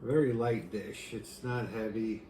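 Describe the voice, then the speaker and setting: A man's voice: fairly low pitch, unhurried, noisy background. A man hosting a casual home cooking show, talking easily as he cooks and plates a dish. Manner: relaxed, talks while cooking with fillers. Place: home kitchen. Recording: clattering dishes and pans behind.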